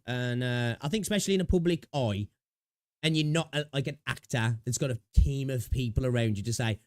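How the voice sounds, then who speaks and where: A man's voice: medium pitch, normal speed, dry recording, clean studio sound. Chatty British man streaming. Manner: rambling, chatty, swears freely, talks to chat. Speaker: gaming livestreamer. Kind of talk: casual livestream chat.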